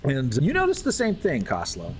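A man's voice: mid-range voice, wildly swooping pitch, normal speed, a little hiss or hum. A man narrating a tabletop game as game master, loose and casual, with some swearing.

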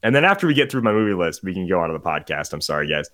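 A man's voice: low-pitched, very animated, racing, a bit bright. A man chatting casually on a podcast about movies he watched, rambling, getting sidetracked and laughing often. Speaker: podcast host. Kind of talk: casual movie review chat.

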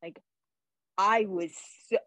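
A woman's voice: mid-range voice, fairly even intonation, slow pace, pushed and bright, no echo. Storytelling woman, dry close voice. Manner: storytelling, acts out dialogue, laughs at herself. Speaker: author guest. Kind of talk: casual chat.

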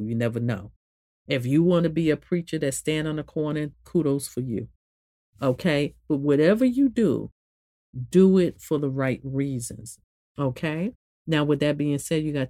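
A woman meditation therapist giving a spoken motivational talk in a conversational way, repeating phrases and swinging from low to high emphasis. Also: moderate pace, mellow, no room sound, studio quality.

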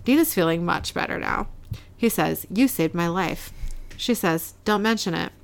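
A woman's voice: fairly low pitch, moderate pace, vocal fry. A woman casually recapping a TV episode, narrating scenes and quoting characters' lines, often laughing. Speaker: podcast co-host recapping an episode. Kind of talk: casual chat, reading scenes aloud.

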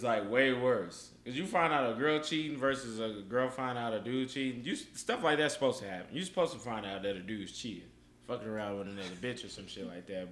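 A young man hosting a casual podcast, telling stories animatedly and swearing a lot. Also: medium pitch. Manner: animated storytelling, heavy profanity. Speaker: podcast host. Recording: echoey room with faint background noise.

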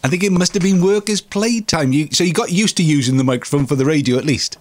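A man's voice: a little high, fast. A male radio presenter asking a guest curious questions in a chat show.

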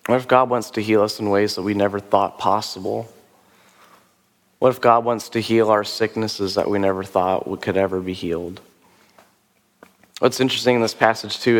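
A man preaching as a pastor, talking in a loose, conversational way with rhetorical questions and fillers, his voice rough from a sore throat. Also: lowish voice, long reverb tail. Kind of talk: sermon with altar call. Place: church service.

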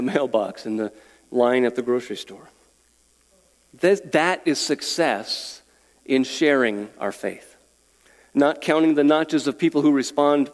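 A man preaching a sermon as pastor, earnest, chuckling and repeating words as he makes his points. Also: medium pitch. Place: church sanctuary. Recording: long reverb of a church hall.

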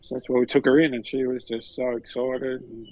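A middle-aged Australian man telling stories in a relaxed chat, acting out the voices of the people in them. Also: mid-range voice, fairly quick, highs cut off. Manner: animated, acts out other voices in stories. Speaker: podcast guest. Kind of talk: casual storytelling.

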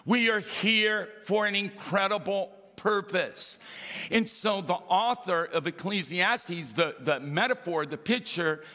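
A male pastor preaching a sermon, telling funny stories with asides to the congregation. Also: fairly high pitch. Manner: animated, humorous storytelling with asides to the congregation. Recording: reverberant hall.

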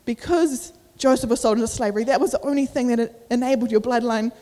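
A woman's voice: on the high side, steady tone, fast talker, warm tone. A young woman giving a casual sermon at church, chatty with many fillers, acting out inner voices, a little out of breath. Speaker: youth preacher. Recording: echoey church hall.

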